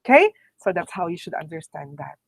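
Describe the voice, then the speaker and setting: A woman teacher with a Filipino accent giving a quick online review lecture, often checking in with "okay?" and slipping into Tagalog phrases. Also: on the low side, big pitch swings, gravelly, slightly rough, no room sound, low-quality recording. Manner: brisk, repeats "okay?" and "my dear students"; mixes English with Tagalog phrases.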